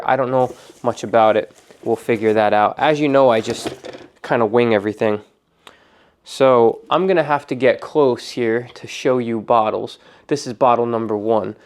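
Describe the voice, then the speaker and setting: A man of middling pitch hosts a casual unboxing video from an indoor filming space. He rambles loosely and jokes at his own expense as he pulls out each product. His talk is relaxed and conversational. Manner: rambling, joking, self-deprecating. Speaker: detailing channel host.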